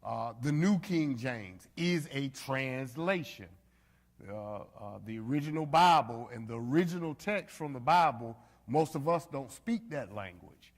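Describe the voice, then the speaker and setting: A man's voice: medium pitch, lively intonation, measured pace. A man leading an informal Bible study, talking conversationally to the group with frequent fillers and direct asides. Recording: reverberant hall.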